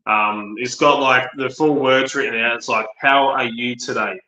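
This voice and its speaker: A man's voice: mid-range voice, fairly even intonation, normal speed, sharp tone, muffled recording. A man from Australia with an Australian accent, chatting casually on a livestream with lots of ums. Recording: echoey room.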